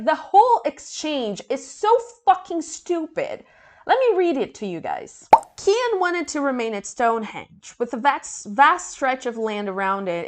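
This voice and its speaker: A woman reviewing a book, reading passages aloud and breaking into sarcastic, profane rants. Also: fairly high pitch. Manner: sarcastic, swears freely, swings from flat reading to loud outbursts.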